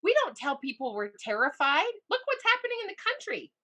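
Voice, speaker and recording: A middle-aged woman life coach talks as a podcast guest, voice bright and a touch high. She tells stories with real animation, jumping up in pitch as she acts out what others said. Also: a little fast. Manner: expressive, acts out quotes with big pitch jumps. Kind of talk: animated conversational storytelling.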